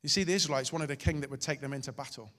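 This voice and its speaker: A male pastor preaching a sermon, swinging between loud and hushed delivery. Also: mid-range voice, rapid-fire. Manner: dramatic, shifting loud and soft. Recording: hall reverb.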